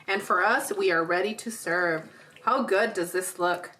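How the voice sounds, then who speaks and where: A woman with a lowish voice, a little slow, pushed and bright, leads a home cooking show from her kitchen. She walks through the recipe step by step, chatting playfully and laughing often.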